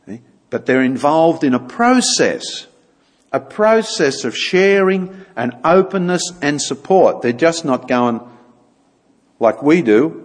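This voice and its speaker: Husky man giving a lively church talk. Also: medium pitch, slow pace, long pauses, in a large hall. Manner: conversational, acts out little dialogues. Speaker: church speaker.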